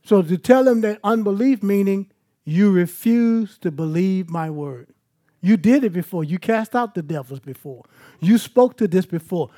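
A man's voice: sits high, lively intonation, moderate pace, dark tone. A man preaching a sermon at an evening church service, moving between scripture and personal stories in an emphatic, conversational way.

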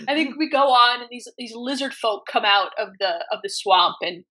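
Woman in her thirties, casual storyteller, animated, bright tone. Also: on the high side, normal speed. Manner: animated, acts out quotes in voices, laughs often. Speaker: podcast guest.

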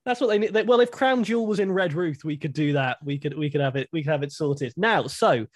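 A man co-hosts a casual podcast, talking animatedly and circling back on his own sentences as he thinks. His voice sits a touch high. The sound is dry and close, with no room around it. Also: fast, no echo. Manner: animated, thinks aloud with restarts. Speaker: podcast co-host. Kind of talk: casual wrestling chat.

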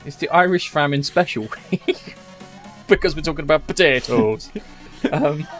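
A man's voice: fairly high pitch, expressive, normal speed, fairly bright tone, soft background music. A man hosting a podcast, chatting casually in a jokey, rambling way and swearing now and then. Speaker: podcast host. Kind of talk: casual chat.

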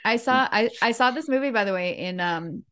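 A woman's voice: a little high, animated, brisk, fairly bright tone, clear, resonant tone. A woman co-hosting a podcast who chats casually and laughs often. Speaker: podcast co-host. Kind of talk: casual chat.

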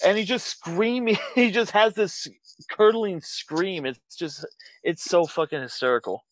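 Lively higher-voiced man, dry close sound. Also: no room sound. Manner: laughing, enthusiastic, quick agreement. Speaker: podcast co-host. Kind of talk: casual film discussion.

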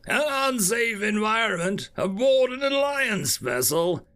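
A man's voice: high-pitched, sing-song, a little slow, gravelly, a bit bright, voice pushed up, exaggerated voice. A man voicing a towering red bird-like male alien commander with a brusque, commanding manner. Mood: imperious.

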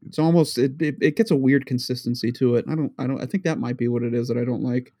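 A warm, medium-pitched man talks at a quick clip. He's in his thirties, hails from New England, and co-hosts a podcast as a father, rambling through a casual chat with giggles and stammered restarts.

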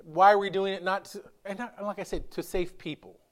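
High-voiced playful male pastor. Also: steady tone, a little fast. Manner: chatty, playful storyteller who acts out quotes. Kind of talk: casual, humorous sermon. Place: church service.

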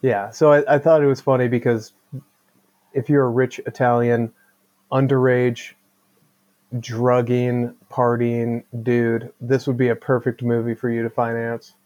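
Flat-voiced man on a muffled line. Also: medium pitch, measured pace. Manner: rambling, hedging, full of "like". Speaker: podcast guest. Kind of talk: casual podcast chat.

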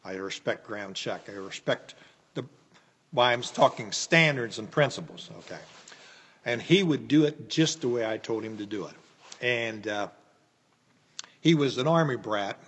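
An older man from the United States talks through a long personal story, folksy and meandering, full of "uh"s and restarts. His voice is a bit husky and sits at an ordinary pitch. It rings in a room with a long, echoing reverb. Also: animated, a little slow, pauses often, a bit bright. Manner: folksy, rambling, with frequent fillers and restarts. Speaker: interview guest.

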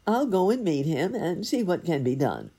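A woman voicing a calm, resourceful male cat who poses as a grand wizard, speaking slowly and impressively. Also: on the low side, slightly rough, pitched above the performer's own voice, exaggerated voice. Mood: calm, crafty. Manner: measured, impressive, slow.

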